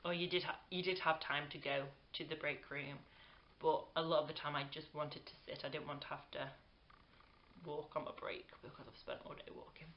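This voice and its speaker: A woman's voice: low voice, flat delivery, fairly quick, slight background noise. Chatty young British woman, lo-fi. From Britain. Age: 20s. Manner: chatty, rambling, full of "um" and "like", laughs easily. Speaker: vlogger. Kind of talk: casual chat to camera.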